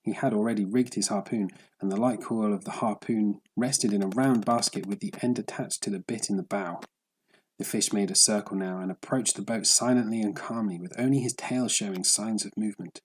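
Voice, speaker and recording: A man narrating a story in a steady, measured audiobook reading. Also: on the low side, husky, rough recording.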